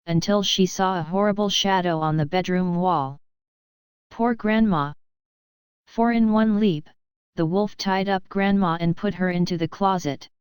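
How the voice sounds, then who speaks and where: Woman, preschool teacher, storybook reader, lowish and crystal clear. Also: a little mellow, no room sound. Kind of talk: storybook read-aloud for children. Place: at home.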